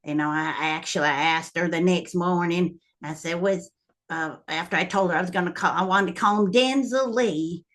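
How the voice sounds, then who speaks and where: A woman's voice: on the low side, moderate pace, a bit bright. A woman telling a family story to her viewers in a casual, rambling way, full of ums and little laughs. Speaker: vlogger.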